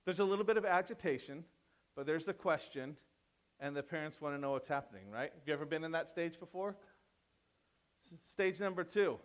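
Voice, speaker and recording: A pastor giving a sermon in a conversational manner, teasing the congregation and turning emphatic with sudden quiet drops. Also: male voice, a little high, lively intonation, brisk. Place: church.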